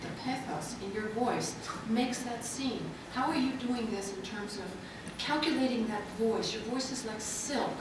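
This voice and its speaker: A woman's voice: on the high side, moderate pace. A woman moderating a convention panel, asking long enthusiastic questions. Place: large convention hall. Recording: echoey convention hall, noisy, from far off.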